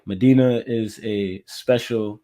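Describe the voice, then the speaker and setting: A man from Florida, a music artist interviewed as a guest, telling his own story in a reflective, measured and candid way. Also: on the low side, steady tone, warm tone.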